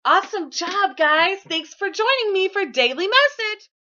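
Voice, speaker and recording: A woman's voice: very high voice, sing-song, unhurried, pushed and bright. A woman teacher giving an early-grade classroom lesson in an encouraging, sing-song way, talking to young children, in a classroom on a dull lo-fi recording.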